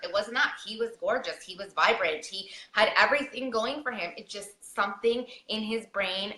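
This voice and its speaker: A woman's voice: medium pitch, moderate pace, bright, forceful tone, roomy sound, low-quality recording. A woman guest on a podcast, telling a painful personal story in an earnest, pleading way with many repeated questions.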